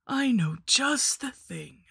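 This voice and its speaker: A woman voicing a sweetly menacing old female lich hag, crooning slowly in a breathy, husky whisper for a horror story. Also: a little high, lively intonation, sharp tone, no echo, clean studio sound, pitched above the performer's own voice, full character voice. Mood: crooning menace. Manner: cooing, slow, crooning.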